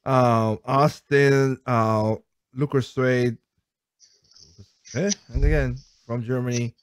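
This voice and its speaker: A man's voice: mid-range voice, steady tone, slow pace, long pauses, clear, resonant tone. A man hosting a one-man show, rambling casually and laughing often as he reads viewer comments. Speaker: host.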